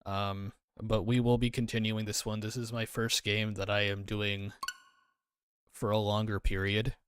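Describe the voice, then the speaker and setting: A man's voice: lowish voice, flat delivery, unhurried, background noise. A man chatting casually on a livestream, rambling and answering his chat aloud. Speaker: streamer. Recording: music playing under voice. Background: background music.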